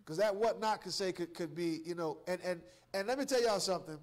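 Man, revival preacher, high-pitched for a man, emphatic, repeats himself, chuckles between points. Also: a little fast. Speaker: guest preacher, church elder. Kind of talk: revival sermon with call-and-response.

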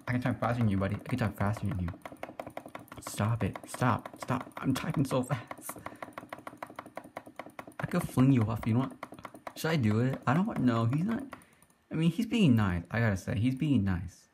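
A young man giving excitable, giggly play-by-play commentary as he teases other players in an online game. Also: mid-range voice, moderate pace, pauses often, background noise. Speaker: gaming YouTuber. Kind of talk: casual Let's Play commentary.

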